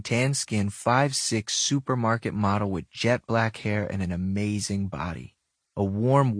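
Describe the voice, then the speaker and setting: Low-voiced guy telling his own story, wry little asides, dry sound. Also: no echo. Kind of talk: first-person story narration.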